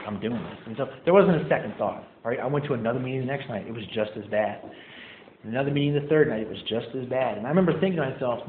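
A man's voice: mid-range voice, racing, a little hiss or hum. A man telling his recovery story to a live audience in a casual, self-mocking way, full of fillers and acted-out quotes. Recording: tinny, echoey hall recording.

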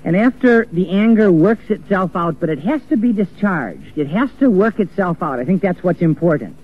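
A man's voice: high voice, animated, normal speed. Earnest preacher man on a tinny recording. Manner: earnest, acts out quoted voices. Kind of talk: sermon. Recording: tinny phone-like old recording with faint music.

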